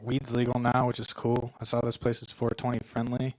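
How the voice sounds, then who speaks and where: A man doing a stand-up set at a comedy club with a low-key, mumbly delivery. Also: completely flat delivery, a little fast, darkish tone, poor audio.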